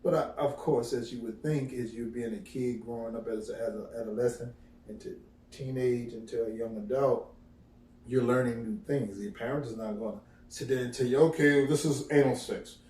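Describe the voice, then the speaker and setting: A man's voice: mid-range voice, moderate pace, distant mic, slight background noise. A middle-aged man, casually telling profane stories to his viewers and acting out the quotes. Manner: animated storytelling, profane, acts out quotes. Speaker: vlogger. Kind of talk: casual storytelling to camera. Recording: echoey room, voice off-mic.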